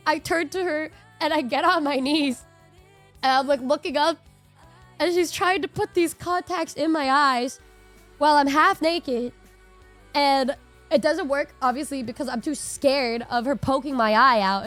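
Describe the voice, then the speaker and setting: A young woman streamer telling a funny story to her chat in a casual way, lively, swearing and acting out what people said. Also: high voice. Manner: animated, swears, acts out quotes.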